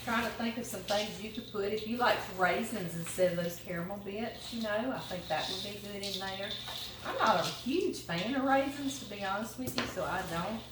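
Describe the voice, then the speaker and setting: A home cooking vlogger from Louisiana chats folksily with viewers in a Southern accent while cooking in her home kitchen. She speaks at medium pitch and a moderate pace. The kitchen sounds roomy and noisy, with the mic at a distance.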